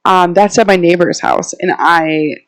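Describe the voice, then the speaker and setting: A woman's voice: lowish voice, unhurried, poor audio. Chatty woman herbalist giving a talk. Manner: chatty and anecdotal, laughing often. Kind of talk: casual presentation to a live audience. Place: indoor meeting room, walking around while speaking.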